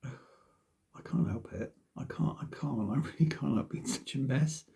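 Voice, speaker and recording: A man's voice: medium pitch, a little slow, creaky, warm tone. A man rambling casually to his viewers, self-deprecating and swearing freely. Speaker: vlogger. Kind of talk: casual rambling monologue to camera.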